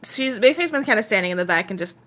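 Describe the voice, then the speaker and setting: A young woman narrating as game master, soft and halting, often dropping to a hush. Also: mid-range voice, animated.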